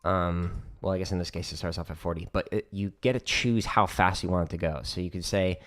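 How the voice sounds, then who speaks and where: A man's voice: deep voice, steady tone, a little fast, a bit bright. A man casually explaining drum exercises on his practice livestream, chatty and joking as he goes.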